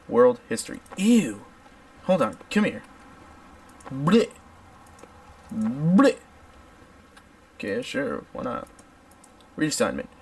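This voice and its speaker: Young guy doing lets play commentary, goofy and over the top, gravelly voice, mic kinda far away. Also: mid-range voice, normal speed. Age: young adult. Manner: jokey, animated, mock-dramatic. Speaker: gaming video host.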